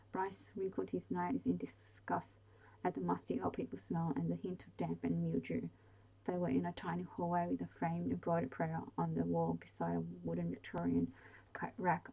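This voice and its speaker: Soft gravelly woman reading a bedtime story. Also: fairly low pitch, highs cut off. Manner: calm, slow reading, slipping into whispers.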